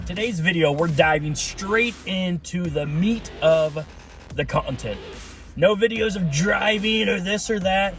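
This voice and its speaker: A man's voice: sits high, a little slow, a bit bright, faint music behind. Plainspoken man with a raised voice. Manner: plainspoken, frequent fillers and restarts. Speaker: host. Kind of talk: casual explainer monologue.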